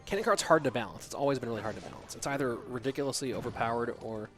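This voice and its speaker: A man's voice: mid-range voice, lively intonation, rapid-fire, fairly bright tone, faint music behind. A man streaming from home, commentating an esports match live and stopping to answer chat questions in a loose, rambling way.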